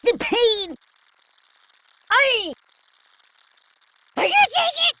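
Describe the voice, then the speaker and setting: A woman's voice: medium pitch, big pitch swings, moderate pace, bright, forceful tone, slightly rough, heavily acted. A woman voicing Buddy, a chatty male ragdoll toy in a mobile game, trading cheeky quips and squealing when hurt. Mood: pained. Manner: cheeky quips, then squealing cries of pain. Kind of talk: game character voice lines.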